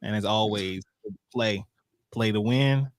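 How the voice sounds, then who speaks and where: Lively laughing male podcast host. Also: lowish voice, slow pace, no echo, studio quality. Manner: lively storyteller, laughs often. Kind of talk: casual chat. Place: video-call podcast.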